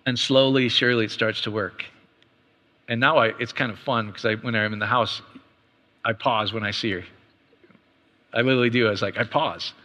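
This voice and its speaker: A middle-aged man preaches in a loose, conversational way, tossing out rhetorical questions as he goes. His voice is bright and forceful, sitting at an ordinary pitch for a man. It carries with a long reverb through a church hall. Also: fairly even intonation, fairly quick, pauses often. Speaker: pastor. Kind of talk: sermon.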